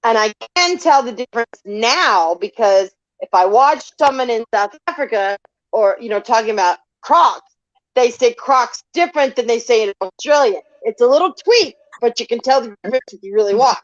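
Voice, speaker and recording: A woman with a high, lively voice chatting casually. She peppers her talk with "like" and acts out little quotes. The sound is dry and dull, like lo-fi audio. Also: normal speed, dry recording. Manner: animated, lots of "like", acts out quotes. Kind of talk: casual chat.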